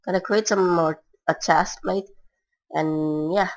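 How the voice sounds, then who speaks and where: A woman's voice: lowish voice, fairly even intonation, takes it slowly, low-quality recording. A woman giving casual, rambling gameplay commentary in broken non-native English, with frequent filler words. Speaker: gamer.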